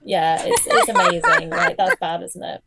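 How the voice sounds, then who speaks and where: A woman's voice: on the low side, wildly swooping pitch, normal speed, gravelly, very noisy. A British woman who is a guest author, chatting casually and laughing often. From Britain. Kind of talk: casual chat.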